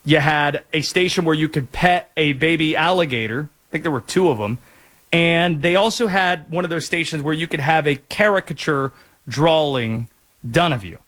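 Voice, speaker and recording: A man from North Carolina hosting a sports talk show, chatting in a lively, jokey way with asides. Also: a little high, normal speed. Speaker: sports radio host.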